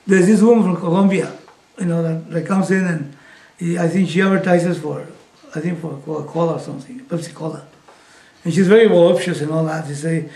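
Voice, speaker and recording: A man's voice: sits high, normal speed, vocal fry, darkish tone. Chuckling man teaching, roomy echo. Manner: chuckling, rambling, frequent "you know". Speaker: spiritual teacher. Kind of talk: casual teaching talk.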